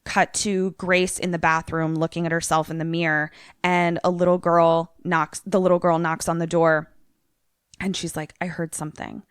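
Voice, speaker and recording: A woman's voice: lowish voice, level tone, moderate pace, clear, resonant tone, no room sound, studio quality. A young woman co-hosting a podcast, casually retelling a movie trailer with many fillers. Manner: chatty, filler-heavy, lots of "like". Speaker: podcast co-host.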